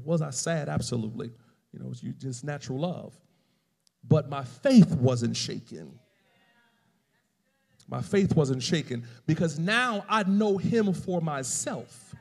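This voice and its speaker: A male pastor preaching a sermon with emphatic swings between loud and quiet passages. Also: fairly high pitch, vocal fry, in a large hall.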